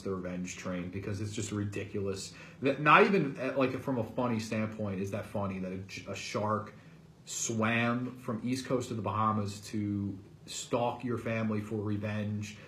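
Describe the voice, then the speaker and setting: A man in an ordinary middle pitch, reviewing a film in a loose, casual way. He talks in animated, disbelieving bursts, full of "like" and "man". The room around him rings with echo. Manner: animated, incredulous ranting with frequent "like" and "man". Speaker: host.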